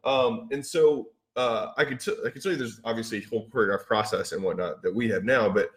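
Podcast host, male, mid pitch, loose rambling delivery, plays both sides of the dialogue in his stories. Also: fairly quick, roomy sound. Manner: rambling, filler-heavy, acts out past dialogue. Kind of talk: casual business talk.

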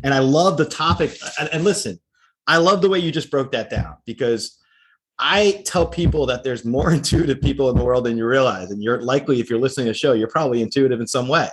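A middle-aged man hosting a podcast, eager and enthusiastic, quick to affirm his guest. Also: medium pitch, slight background noise. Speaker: podcast host. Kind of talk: podcast interview talk.

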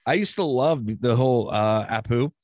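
A man's voice: mid-range voice, animated, moderate pace, darkish tone, no echo, clean studio sound. Playful rambling male podcast co-host. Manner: playful, jokey, tries silly accents; rambling with many fillers. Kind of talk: casual banter.

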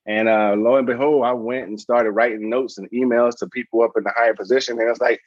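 Man, 30s, podcast guest. Lively storyteller who mimics voices, mid-pitched, dry, slightly dull sound. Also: a little fast, hardly any pauses, no room sound. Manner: animated, acts out voices in anecdotes. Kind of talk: casual storytelling.

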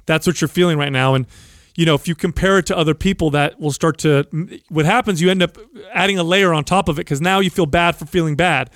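A man's voice: a little high, fast, a bit bright, no room sound, studio quality. A man on a podcast speaking in a reassuring, encouraging and emphatic way to a friend. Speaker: podcast host. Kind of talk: candid podcast conversation.

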